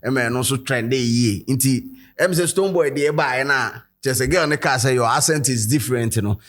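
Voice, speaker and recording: A man's voice: medium pitch, moderate pace, fairly bright tone. A man with a Ghanaian accent hosting a commentary video, switching between English and Twi and reading quotes aloud. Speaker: host.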